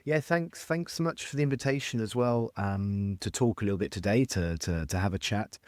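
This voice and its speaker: A man's voice: fairly low pitch, fairly quick, a little mellow, no echo, clean studio sound. Hesitant, thoughtful man with an English accent. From France. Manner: thoughtful, hesitant, many ums and restarts. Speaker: chemistry expert guest. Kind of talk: casual podcast interview.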